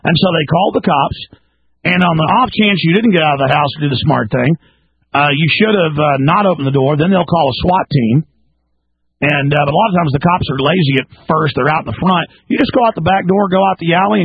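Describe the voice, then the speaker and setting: A man's voice: fairly high pitch, husky, dry recording, phone-quality sound. A man hosting a talk radio show, delivering an emphatic, ranting monologue to a caller.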